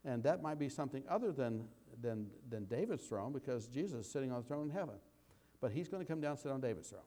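Mellow-voiced man teaching scripture. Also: medium pitch, animated. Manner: conversational, rambling with restarts, slows to read scripture aloud. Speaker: Bible teacher. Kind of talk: sermon.

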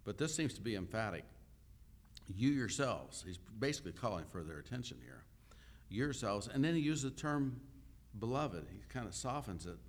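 A man preaching a sermon and teaching from a Bible passage, talking conversationally, asking questions and pausing often with "uh.". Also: medium pitch, expressive, gravelly. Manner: unhurried teaching with frequent "uh" pauses; conversational, asks the listeners questions. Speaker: pastor.

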